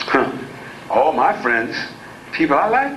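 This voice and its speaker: A man's voice: fairly high pitch, big pitch swings, a little slow, fairly bright tone, roomy sound, a little hiss or hum, pitched below the performer's own voice, poor audio. A man voicing a wry, easygoing uncle who plays the blues, talking plainly and unbothered.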